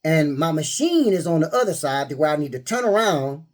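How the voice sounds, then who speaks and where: A man's voice: fairly high pitch, fairly quick. A man telling everyday stories and quoting scripture in a casual, laughing preaching style. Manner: laughing, animated storyteller who quotes scripture. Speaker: spiritual vlogger.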